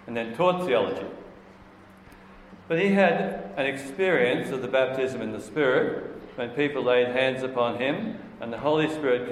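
A man preaching a sermon in an earnest, emphatic way, slowing down to stress key words. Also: mid-range voice, slight background noise. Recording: echoey hall with long reverb, faint ambience.

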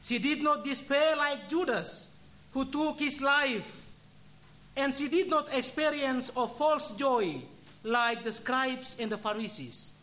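Slow, solemn high-voiced man preaching. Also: sharp tone. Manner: solemn, deliberate, measured delivery. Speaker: religious brother giving a reflection. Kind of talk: sermon with a personal story and a closing prayer.

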